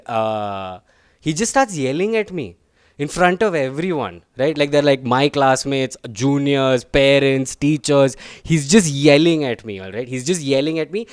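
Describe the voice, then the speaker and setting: A man's voice: medium pitch, smooth, dry recording, clean studio sound. A young man doing a chatty, self-deprecating stand-up set, tagging his lines with "right?" and "guys.". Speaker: stand-up comedian.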